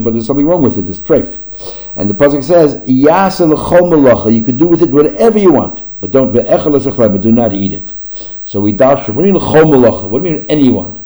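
A man leads a Talmud class at a brisk clip, rattling through arguments with frequent restarts. His voice is very dark and mellow, with an everyday mid-range pitch. He mixes Aramaic terms into his English explanations. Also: rough recording. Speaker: Talmud teacher.

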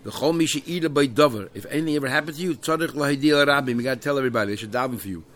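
A man's voice: medium pitch, racing. Man, Talmud teacher, reads then translates, chatty, fillers. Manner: reads Aramaic phrases then translates them, with many fillers. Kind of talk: explaining a Talmud page.

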